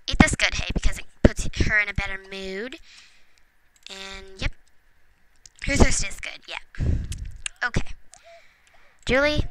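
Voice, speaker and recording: A woman's voice: mid-range voice, a little slow, long pauses. A woman giving casual gameplay commentary at home, chatting to the game's characters and chuckling often. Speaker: let's play gamer. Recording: noticeable background noise with clicks.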